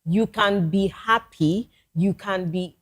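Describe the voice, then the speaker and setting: A woman with a Nigerian accent speaks as a talk show guest, with a mid-pitched voice. She is earnest and advising and often restarts her sentences. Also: slow. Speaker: guest musician. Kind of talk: casual talk show chat.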